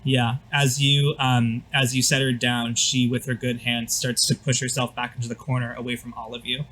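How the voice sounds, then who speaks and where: A man's voice: mid-range voice, level tone, normal speed, a bit bright, a little hiss or hum, poor audio. Rambling male game master. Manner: loose, filler-heavy description. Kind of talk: narrating a tabletop game.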